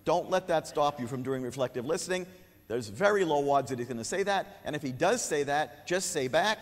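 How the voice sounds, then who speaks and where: Man, conference speaker, humorous and lively, acts out a kid, long hall reverb, stage mic. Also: a little high, a little fast. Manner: humorous, animated, acts out a kid's lines. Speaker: lecturer. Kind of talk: conference lecture.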